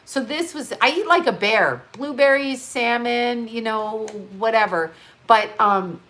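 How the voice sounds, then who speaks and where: On a casual live stream, a woman with a fairly high, bright voice speaks a little slowly, wandering from topic to topic. She swears freely and laughs often as she goes, picked up by an on-camera mic.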